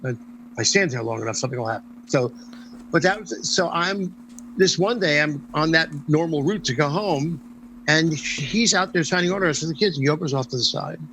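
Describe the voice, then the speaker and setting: A man's voice: fairly high pitch, brisk, a little hiss or hum, poor audio. An older man, a guest in an interview, telling long anecdotes and acting out the voices in them. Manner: animated storyteller, acts out quoted dialogue. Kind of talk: storytelling anecdotes in a casual interview.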